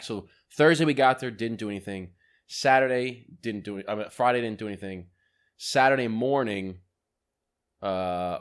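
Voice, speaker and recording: A young man co-hosting a podcast, telling a trip story in casual chat, rambling with restarts and casual swearing. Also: lowish voice. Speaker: podcast co-host.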